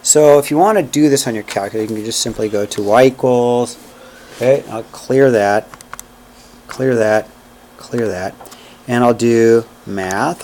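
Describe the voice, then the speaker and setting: A man with a mid-range, darkish voice lectures a math class, with slight background noise. He talks through every step, counting aloud as he works, and checks in with "okay?" and "right?".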